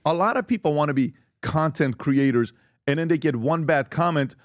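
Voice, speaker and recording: A man hosting a podcast in casual chat, upbeat and promotional when he pitches merchandise. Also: moderate pace, dry recording, clean studio sound. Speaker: podcast host.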